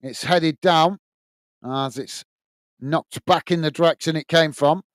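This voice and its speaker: A man's voice: a little high, a little slow, no room sound, clean studio sound. A British man hosting a live football watch-along, calling the play and chatting casually with viewers. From United Kingdom. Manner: reads viewer comments aloud and calls the play casually. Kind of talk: live match commentary.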